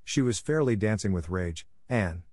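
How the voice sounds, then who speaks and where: A man's voice: fairly low pitch, animated, normal speed, darkish tone, dry recording, studio quality. A man voicing a loyal, spirited young girl who speaks frankly, a little scornfully.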